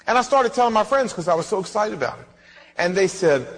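A man's voice: high voice, big pitch swings, fast talker, fairly bright tone, long reverb tail. A man preaching a sermon as pastor, telling a personal story and acting out both sides of the conversation.

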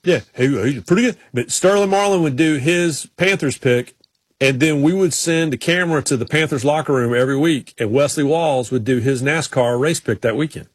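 A man's voice: fairly high pitch, moderate pace, breathy edge, dry recording. A man hosting a casual chat, telling rambling stories with many restarts. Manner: rambling storyteller, frequent restarts. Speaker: podcast host.

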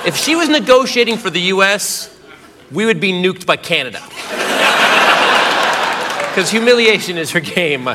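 A man with a strikingly high voice tells a rambling stand-up story, giggling as he goes. The audience is clearly audible in the live club recording. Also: animated, normal speed, long pauses, a loud crowd, heavy background noise. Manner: rambling, giggly, breaks into laughter. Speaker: stand-up comedian. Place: comedy club stage.

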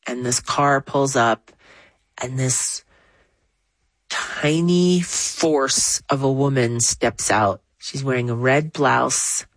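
A woman, a writer, telling an animated first-hand story with soft music behind. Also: slow pace, no echo, poor audio. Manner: animated, rising pitch when excited. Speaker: interviewee. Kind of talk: storytelling in an interview.

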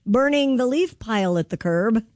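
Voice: medium pitch, expressive, moderate pace, darkish tone, no echo. Co-host reading a news item, dry studio. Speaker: radio co-host. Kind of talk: casual radio chat, reading news items.

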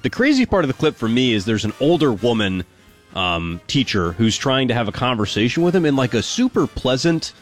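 A man co-hosting a casual news commentary in an ordinary mid-pitched voice. He sounds relaxed and amused and often chuckles as he talks. Faint music plays underneath. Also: brisk. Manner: relaxed, amused, laughs while telling stories. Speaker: co-host.

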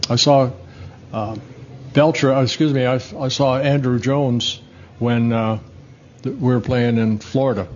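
An older man in his sixties spins long, rambling anecdotes with restarts and the odd chuckle. His voice sits at an ordinary middle pitch. The audio is slightly dull and muffled. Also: a little hiss or hum. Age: 60s. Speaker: former pitcher and broadcaster guest. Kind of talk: casual storytelling interview.

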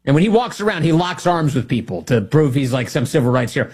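A man's voice: fairly high pitch, sing-song, fast, a little mellow, slightly rough. A man hosting a talk radio show, delivering sarcastic political commentary and laughing at his own jokes. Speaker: radio host.

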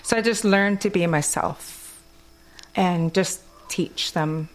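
A woman's voice: on the low side, slow. A young woman with a Kwakwala-influenced English accent, chatting casually and laughing often as she tells stories. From Alert Bay, Canada. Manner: laughs often, animated storytelling. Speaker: guest. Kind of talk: casual chat.

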